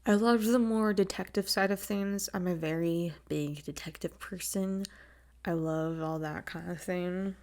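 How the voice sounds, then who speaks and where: This young podcast host has a lowish, darkish voice with a steady tone and an unhurried pace. Still, she's chatty and gushing, laughing often and swearing casually as she talks into a new desk mic that has no windscreen.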